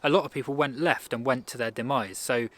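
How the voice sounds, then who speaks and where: Speaking fairly quickly with a fairly bright tone, this self-improvement speaker is a man of average pitch delivering a laid-back motivational talk. His style is conversational and meandering, with sentences broken off and begun again.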